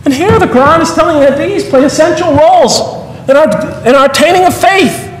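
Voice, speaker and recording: A man's voice: very high-pitched, a little fast, slight background noise. A middle-aged man giving a public lecture, earnest and rhetorical, with wry asides to his audience. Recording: long hall reverb.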